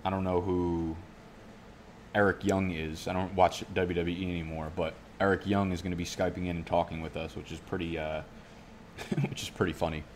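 A young man with a very low, deep voice chats through a fantasy draft in a loose, rambling way. He swears often and keeps drifting off on tangents. Faint background noise sits under the recording. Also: a little mellow. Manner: rambling, profane, goes off on tangents. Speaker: fantasy football YouTuber. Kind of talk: casual vlog commentary while drafting.

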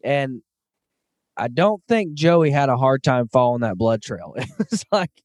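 A man in his thirties hosts a relaxed podcast conversation at a medium pitch. He speaks with earnest enthusiasm and frequent filler "um"s. The recording is close and dry, with no room sound. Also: measured pace, dry recording. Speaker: podcast host. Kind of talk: casual hunting podcast chat.

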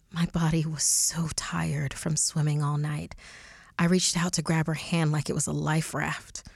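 A woman co-hosting a podcast, narrating a scary story in a hushed, often half-whispered voice. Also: low-pitched, flat delivery, a little slow, gravelly, husky, no room sound, studio quality. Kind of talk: scripted horror story narration.

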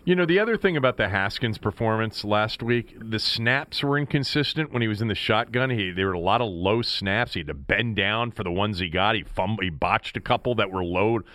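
A man's voice: fairly low pitch, brisk, hardly any pauses, a bit bright, no room sound. A man hosting a sports radio show, talking football in a conversational way. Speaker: radio host.

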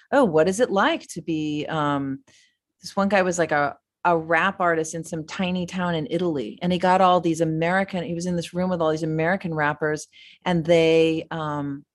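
A middle-aged woman guest in a casual interview, rambling enthusiastically with many fillers and restarts. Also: on the low side. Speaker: filmmaker guest.

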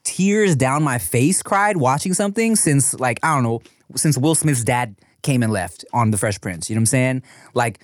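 A man's voice: on the high side, dry recording, clean studio sound. A man in his thirties, a new father, chatting casually with restarts and swearing, telling stories. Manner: rambling, profane, animated storytelling with restarts. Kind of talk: casual chat while eating.

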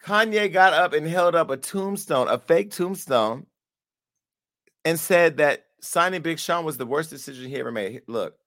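A man hosts a casual commentary and riffs playfully, with some swearing. His voice sits a little high. He has an easy, loose delivery. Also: animated, moderate pace, a bit bright. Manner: playful, profane riffing. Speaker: commentary host.

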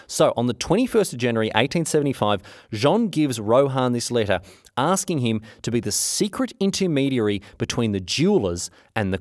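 A man tells a historical tale in a chatty, slangy way, full of asides and "uh"s. His pitch rises and falls with lively movement. The sound is dry and close, with no room echo. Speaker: history storyteller. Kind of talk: casual storytelling.

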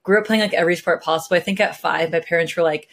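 Rapid-fire and a bit bright, this fairly low, steady female voice belongs to a young woman from California, a pro soccer player who is a guest in a relaxed conversation. Bubbly and heavy on filler words, she shares her story and acts out quotes.

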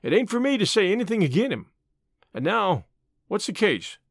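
A man voicing a rough, earnest gold-miner pleading for his partner, in a slow, halting frontier dialect. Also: sits high, very animated, no room sound, studio quality, voice pushed up, full character voice.

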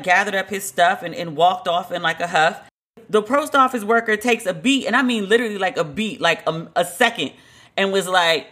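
A woman telling a story in a casual monologue, chatty and animated, full of "like" fillers. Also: medium pitch. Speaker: podcast host.

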